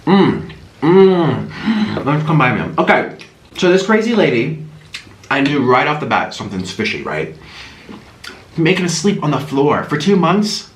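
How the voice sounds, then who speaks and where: A man vlogging as he eats, telling a story in an animated way and gasping and murmuring between bites. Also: a little high, normal speed, pauses often, reverberant, a little hiss or hum. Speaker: mukbang vlogger. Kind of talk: storytelling while eating on camera.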